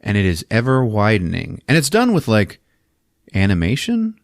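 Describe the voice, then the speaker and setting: Low-voiced man chuckling through a movie recap. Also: wildly swooping pitch, normal speed, no room sound, clean studio sound. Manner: amused, chuckling storyteller. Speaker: podcast host recapping a movie. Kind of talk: casual comic movie recap.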